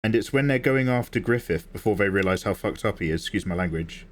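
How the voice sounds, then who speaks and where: Laid-back swearing Australian streamer. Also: male voice, lowish voice, lively intonation, fast. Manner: chatty and laid-back, swears and laughs often, reads chat aloud. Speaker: art livestreamer. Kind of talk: casual chat while drawing.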